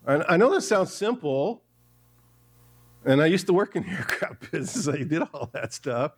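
A man's voice: a little high, darkish tone. Man preaching a conversational sermon. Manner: conversational, with asides to the congregation. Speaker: pastor. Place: church.

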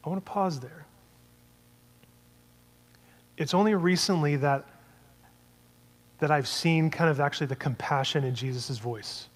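A man's voice: on the high side, normal speed, long reverb tail. A man preaching a sermon in a conversational way, asking many rhetorical questions.

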